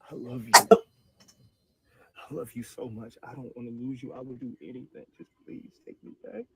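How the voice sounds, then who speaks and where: A man's voice: medium pitch, fairly even intonation, moderate pace, vocal fry, mellow, slight background noise, natural voice, poor audio. A man playing a remorseful husband who pleads tearfully with his wife to take him back, in a comedy skit. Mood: pleading.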